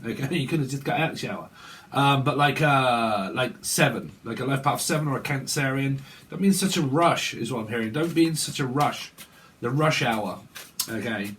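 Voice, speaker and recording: A man's voice: medium pitch, a little hiss or hum. Rambling, swearing man reading tarot. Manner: rambling, joking and swearing, laughing at himself. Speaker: tarot reader. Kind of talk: casual tarot reading monologue.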